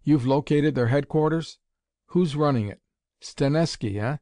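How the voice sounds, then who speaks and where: A man's voice: a little high, measured pace, warm tone, no echo, clean studio sound, voice pushed up, natural voice. A man reading an audiobook, voicing an eager, commanding male scientist-detective in a raised, urgent voice. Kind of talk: audiobook character voice.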